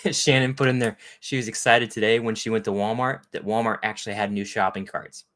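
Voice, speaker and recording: Man with a fairly low voice, hosting a casual, rambling live chat. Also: normal speed, a bit bright. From Texas. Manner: rambling, chatty, greets viewers by name. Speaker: livestream host.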